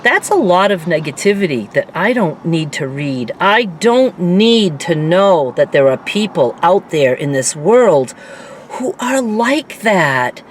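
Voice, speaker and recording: A woman's voice: lowish voice, very animated. A middle-aged woman talking candidly to her viewers in a rambling personal vlog, with faint vehicle noise behind her. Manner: candid, rambling, quick to laugh. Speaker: vlogger.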